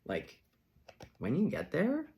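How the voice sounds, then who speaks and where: A man's voice: fairly high pitch, huge pitch swings, slow, gravelly, darkish tone. A man giving a casual tarot reading in a playful, chatty way, acting out little reactions as he goes. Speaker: tarot reader.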